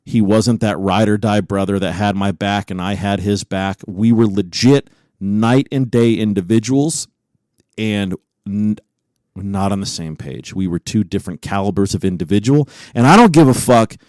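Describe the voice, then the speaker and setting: A man's voice: lowish voice, moderate pace, a little mellow, no room sound, low-quality recording. A man co-hosting a podcast in casual chat, swearing often and getting heated as he rants. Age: adult with a son. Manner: profane, heated rant. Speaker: podcast co-host.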